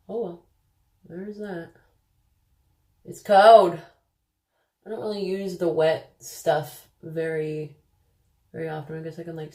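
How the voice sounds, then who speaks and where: A woman's voice: on the low side, darkish tone. A woman beauty vlogger chatting casually through a makeup tutorial, self-deprecating, with sudden exclamations. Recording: echoey room.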